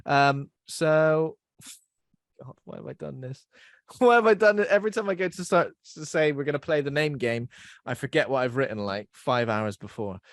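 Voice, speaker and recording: A man's voice: medium pitch, normal speed, no echo, clean studio sound. A young man hosting a podcast in casual chat, rambling and self-deprecating as he laughs at his own jokes. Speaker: podcast host.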